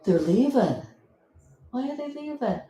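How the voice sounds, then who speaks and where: A woman's voice: high voice, very animated, takes it slowly, warm tone, reverberant. A woman from South Florida giving blunt, indignant live commentary as a vlogger, swearing freely.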